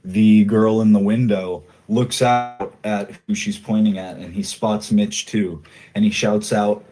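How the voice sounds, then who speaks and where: A man narrating as game master, in a loose, halting way with many fillers. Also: lowish voice, fairly even intonation, mellow, low-quality recording.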